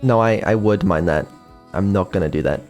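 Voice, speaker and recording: Low-voiced hesitant man streaming. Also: a little fast, a little mellow. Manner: hesitant, many ums and restarts, casual swearing. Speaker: streamer and AI developer. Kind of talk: casual live-stream chat. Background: faint music.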